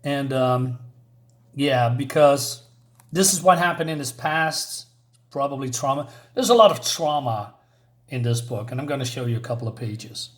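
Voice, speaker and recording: A man's voice: mid-range voice, expressive, moderate pace, fairly bright tone. Chatty man reviewing a comic. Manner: hesitant, many fillers, chuckling asides.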